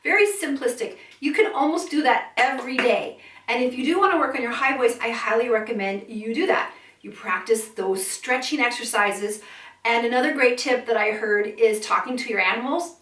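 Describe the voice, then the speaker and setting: High-pitched lady voice coach teaching singing, does little sirens n notes, kinda distant from the mic. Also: normal speed, fairly bright tone, reverberant, a little hiss or hum. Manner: demonstrates sirens and vocal sounds. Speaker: vocal coach. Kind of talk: singing lesson.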